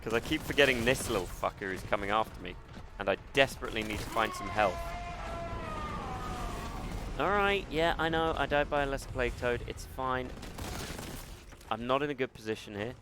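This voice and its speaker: Male streamer, mid-pitched, chatty and self-deprecating with loose swearing, faint game music behind him. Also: fast talker. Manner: self-mocking, swears freely, talks himself through the game. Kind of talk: live gameplay commentary.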